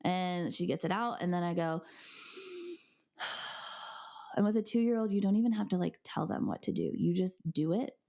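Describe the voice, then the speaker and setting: A woman's voice: on the low side, brisk, hardly any pauses. A young woman hosting a podcast, chatting casually and acting out quotes as she tells stories. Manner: animated storytelling, acting out quotes. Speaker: podcast host. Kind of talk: casual chat.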